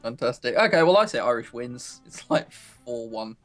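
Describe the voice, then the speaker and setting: A male streamer chats and jokes with his co-player in a relaxed, teasing way. His voice moves lively up and down in pitch, and faint music runs under the talk. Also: normal speed. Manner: laughing, teasing banter. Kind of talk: casual live-stream chat.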